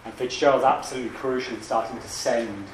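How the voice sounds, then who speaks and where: A man giving an academic lecture in a lecture hall, talking in a halting way with many restarts and asides. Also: mid-range voice, steady tone, far from the mic, slight background noise.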